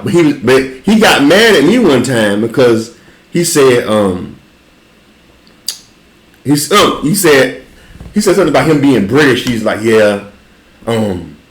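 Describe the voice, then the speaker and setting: A man with a Southern accent hosting a casual chat, telling an animated, profane story and laughing often. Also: medium pitch. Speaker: podcast host. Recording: roomy echo.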